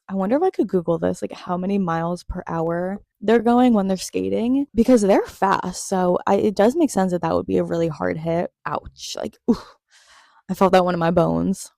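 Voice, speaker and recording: A young woman recapping a TV episode in an excitable, gushing, chatty way. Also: mid-range voice, vocal fry, dry recording, clean studio sound. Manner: gushing, excitable, laughs often. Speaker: TV recap vlogger.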